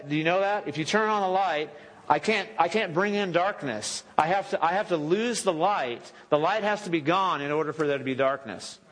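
A man preaching a sermon as pastor, speaking conversationally with joking asides and self-corrections. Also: sits high. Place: church sanctuary. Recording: echoey church hall with long reverb.

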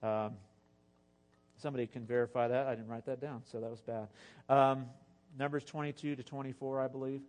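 A male pastor preaching an animated sermon, exhorting the listeners and slipping in jokes and asides. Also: mid-range voice, brisk, pauses often.

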